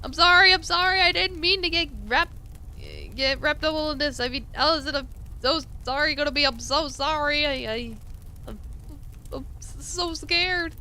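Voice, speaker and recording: Woman voicing a frantic young hero in a video game, high bright shouts, panicked and pleading. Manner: frantic, shouting and sobbing in despair. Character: panicked young hero trapped in a burning building.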